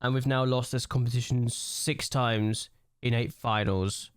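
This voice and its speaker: A young man at a desk mic provides let's-play commentary on a football management game, ranting and complaining in exasperation at what unfolds on screen. The gaming YouTuber's voice is medium-pitched, fairly even and unhurried, in a clean, dry studio recording.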